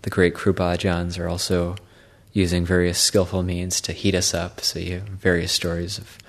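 A man speaks as a Buddhist monk offering a Dharma talk. His voice sits low and stays fairly even, with little rise or fall. He halts often and repeats words as he feels for each thought. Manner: halting, repeats words, many fillers.

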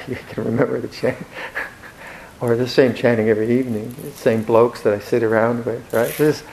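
A man giving a Buddhist dharma talk in a reflective, gently humorous way, with hesitant restarts. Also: mid-range voice, steady tone, moderate pace, gravelly, slight background noise, low-quality recording. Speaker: Buddhist monk teacher.

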